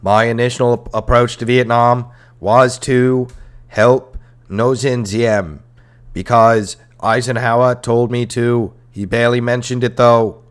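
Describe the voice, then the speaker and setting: A man doing a comedic impression of a 1960s president's accent on a history podcast, speaking slower and louder than his own voice. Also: mid-range voice, little pitch movement, smooth, pitched above the performer's own voice, natural voice. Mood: self-justifying.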